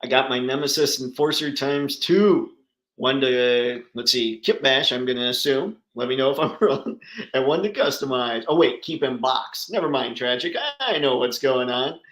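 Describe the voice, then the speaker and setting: A man's voice: mid-range voice, moderate pace, fairly bright tone. Chatty man in an echoey room. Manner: chatty, enthusiastic, answers viewers by name. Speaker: livestream host. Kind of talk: casual livestream chat.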